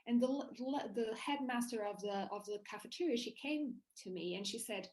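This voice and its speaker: Woman guest on an interview, kinda high voice, gets animated telling her story, lots of restarts. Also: a little fast, few pauses, poor audio. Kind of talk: casual interview conversation.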